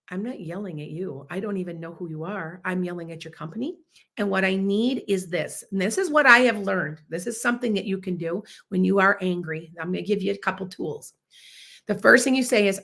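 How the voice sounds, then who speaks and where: A woman in her fifties talks through her podcast in an animated, emphatic monologue, often acting out what people should have said. Her voice is bright and forward, with a gravelly fry in it. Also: medium pitch, moderate pace. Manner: animated, emphatic, acts out quoted dialogue. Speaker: podcast host.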